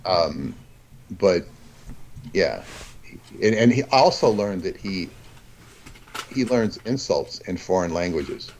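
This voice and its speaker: A man talking as a guest in a casual conversation, rambling and halting, with many restarts. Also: low-pitched, big pitch swings, a little mellow, a little hiss or hum, rough recording.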